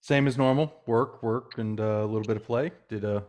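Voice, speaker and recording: A man's voice: mid-range voice, brisk, a little mellow. A man co-hosting a podcast, laid-back and casual with crude humor. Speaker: podcast co-host.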